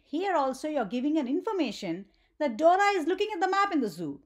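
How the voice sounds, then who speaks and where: A woman's voice: high-pitched, sing-song, a little fast. A woman teaching a grammar lesson for children, often checking in with "right?" and asking the viewer questions.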